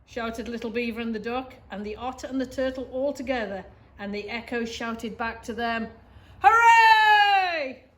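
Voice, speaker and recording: A woman's voice: fairly high pitch, steady tone, normal speed. British woman reading a picture book. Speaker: teacher.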